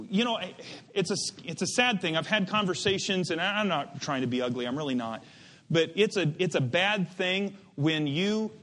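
Bright-voiced animated preacher. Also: male voice, fairly high pitch. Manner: animated, digressive, emphatic with many restarts. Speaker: pastor. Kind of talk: sermon.

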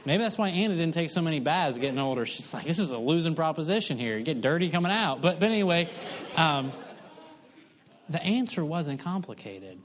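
A man's voice: fairly high pitch, very animated, brisk. A middle-aged man preaching, telling a folksy, self-mocking story with humor. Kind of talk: sermon.

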